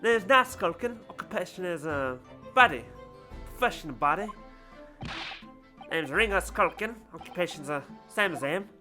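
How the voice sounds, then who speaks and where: A man voicing rowdy young brothers from the streets, in a loud, brash put-on Cockney accent, with game music behind. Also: high voice, animated, normal speed, voice pushed up, exaggerated voice.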